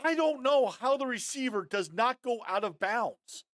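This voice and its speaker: A man breaking down football game film on a live stream, animated and fired up, talking straight to his viewers. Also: extremely high pitch, normal speed, no room sound, clean studio sound. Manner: addresses viewers as guys, often adds okay.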